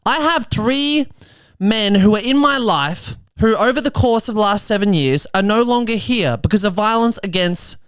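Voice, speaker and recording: Australian man in his twenties, smooth voice. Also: high voice, expressive, a bit bright, dry recording. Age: 20s. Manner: quick, chatty storytelling with asides. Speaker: podcast host and comedian. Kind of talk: comedic monologue turning to social commentary.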